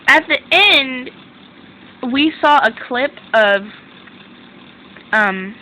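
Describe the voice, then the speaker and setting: Young woman reviewer, bright forward voice, excitable rambling chat, a bit high, faint hum behind. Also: drawn-out words, low-quality recording. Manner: excitable, rambling, self-interrupting. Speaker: drama reviewer. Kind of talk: casual chat recap.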